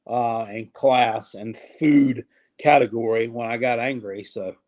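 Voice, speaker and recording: A man co-hosting a casual sports chat, talking in a halting, hesitant way with sarcastic jabs. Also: mid-range voice, steady tone, darkish tone.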